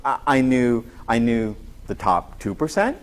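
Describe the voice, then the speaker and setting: A man who teaches college, telling classroom stories to colleagues in an animated way, acting out quotes and often restarting his sentences. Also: mid-range voice, unhurried. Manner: animated storyteller, acts out quotes, many restarts. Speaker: college instructor. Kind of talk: faculty talk with anecdotes.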